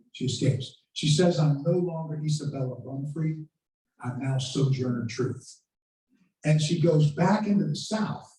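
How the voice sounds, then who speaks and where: A man's voice: a little high, warm tone. A man giving a history lecture to a live audience, telling stories and acting out famous speeches with dramatic quotes. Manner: storytelling, dramatic quoting of speeches. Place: lecture room at a country club. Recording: very echoey room, voice from far off.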